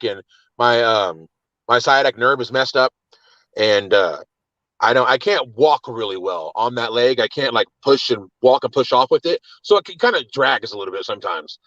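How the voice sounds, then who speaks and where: A man's voice: medium pitch, a bit bright, dry recording, highs cut off. A man with children telling an agitated, cursing story of his arrest, often repeating words. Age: adult with children. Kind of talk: casual storytelling.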